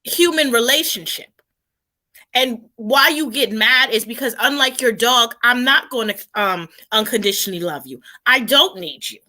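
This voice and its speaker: A woman's voice: on the high side, normal speed, bright, forceful tone. A woman appearing as a guest in a casual chat, speaking bluntly and emphatically.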